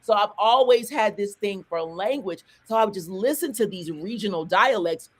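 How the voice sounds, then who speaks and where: A woman rapper in her forties, from Atlanta in the Southern US, guests on a casual interview with a mid-range voice that has a breathy edge. Her accent is neutral and non-regional, and she animatedly tells stories in rapid bursts, often restarting and going off on asides.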